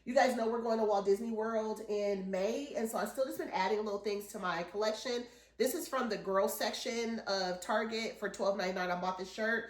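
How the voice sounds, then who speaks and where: Chatting casually about her latest shopping haul, this vlogger in her forties is enthusiastic and tends to ramble. Her pitch is medium, she speaks a little fast, and the room around her echoes.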